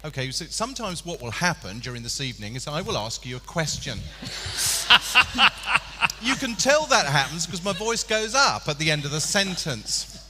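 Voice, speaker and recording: A man's voice: on the high side, big pitch swings, normal speed, bright, forceful tone. A man running a live training workshop on stage, jokey and teasing with his audience. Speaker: workshop presenter. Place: large hall with a live audience. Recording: reverberant hall, faint noise.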